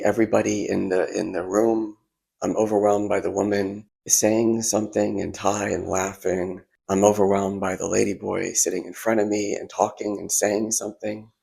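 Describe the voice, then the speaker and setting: A man talking in a casual, halting monologue, restarting his sentences often and sounding emotional. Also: low voice, darkish tone. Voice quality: gravelly, husky. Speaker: vlogger. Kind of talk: casual monologue while drawing.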